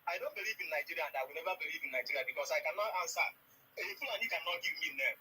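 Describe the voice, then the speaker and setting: A man's voice: on the high side, expressive, very fast, pushed and bright, breathy edge. A male caller argues defiantly in a heated call-in discussion, heard over a phone line. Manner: argumentative, defiant. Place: in Norway.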